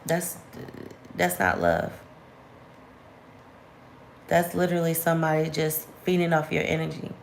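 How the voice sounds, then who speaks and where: A woman talks straight to camera, candid and slangy, getting sharp and animated when she vents. Her voice sits a little low. The room is bare, and her voice echoes off it. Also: creaky. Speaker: vlogger. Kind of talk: casual storytime chat to camera.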